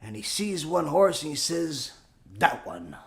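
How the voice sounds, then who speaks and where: A man preaching a sermon as a rabbi, impassioned and scolding, rising to shouts for emphasis. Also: a little high, expressive, normal speed, creaky.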